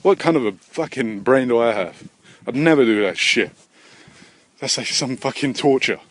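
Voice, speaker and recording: A man's voice: medium pitch, lively intonation, moderate pace, dry recording. A young man, rambling and swearing in a self-deprecating monologue while walking outdoors with a handheld camera. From England. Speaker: vlogger. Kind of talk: rambling walk-and-talk monologue. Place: outdoors, walking by a road in the wind. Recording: wind noise outdoors. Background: wind and passing traffic.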